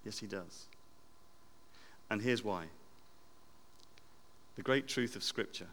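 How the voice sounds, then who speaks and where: Preacher, man: reflective sermon, loud then hushed, bright tone, echoing church hall. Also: on the low side, slow pace, long pauses. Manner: reflective, with repeated phrases and wide swings from loud to hushed. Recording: long church reverb.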